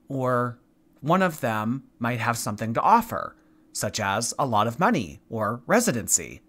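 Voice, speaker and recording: A man's voice: mid-range voice, fairly bright tone. A man hosting a reaction commentary, talking in a dry, mocking, teasing way. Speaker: commentary host.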